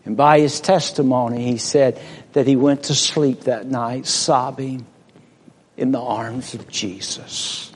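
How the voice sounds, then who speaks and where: A preacher delivering a sermon slowly and deliberately, swelling to loud emphasis and dropping to a hush. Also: male voice, medium pitch, fairly even intonation, husky. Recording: long reverb of a large hall.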